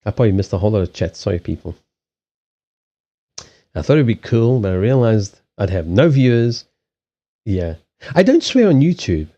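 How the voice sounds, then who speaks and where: Speaking into a stand-mounted desk mic in a small home, a man who streams live and reads cards keeps circling back on himself, restarting often and cursing casually. His voice is low and mellow, and the audio sounds dull and lo-fi.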